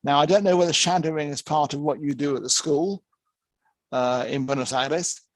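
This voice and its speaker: A man with an English accent teaches an online class over a video call. His voice sits a little high for a man. He explains things in a steady, patient way, and the sound is dry and close. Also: moderate pace, no echo, rough recording. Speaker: lecturer. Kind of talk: online lecture.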